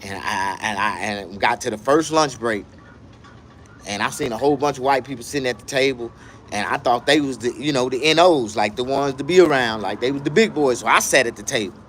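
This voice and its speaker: A man telling a comedic story in a profane, animated, emphatic way. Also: medium pitch, a little fast, slight background noise.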